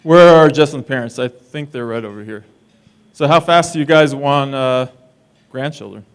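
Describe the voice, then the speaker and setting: A man's voice: medium pitch, moderate pace, smooth. A man gives a best man's toast at a wedding reception held in a distillery. He talks in a teasing, wisecracking way, ribbing the groom and the guests as he goes. His voice sits in a middle range for a man. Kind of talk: joking wedding speech.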